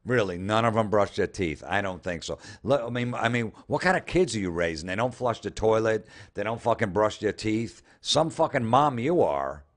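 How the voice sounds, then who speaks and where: Low-voiced man, sarcastic profane ranting. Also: animated, normal speed, hardly any pauses. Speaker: comedian host. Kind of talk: comedic commentary reading social media posts aloud.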